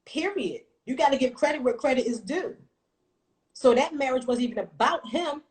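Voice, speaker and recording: A woman in her thirties tells a story from her own life on a casual livestream. She is blunt and swears freely, and her telling is animated. Her voice sits a little high. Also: moderate pace, rough recording. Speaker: livestream host.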